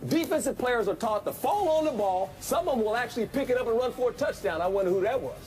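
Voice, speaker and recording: A man's voice: very high-pitched, expressive, fast talker, darkish tone, faint music behind. A man who is a former football coach, giving plain-spoken, folksy analysis in a sports debate.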